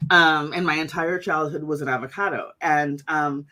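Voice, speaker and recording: A woman's voice: low-pitched, fairly even intonation, moderate pace, bright, forceful tone. A woman hosting a casual conversation, chatty, with many fillers and restarts. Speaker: host.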